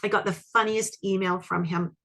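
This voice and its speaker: Woman, online class, animated, conversational, asks audience questions. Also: medium pitch, normal speed. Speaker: iridology educator. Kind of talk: webinar teaching with case story.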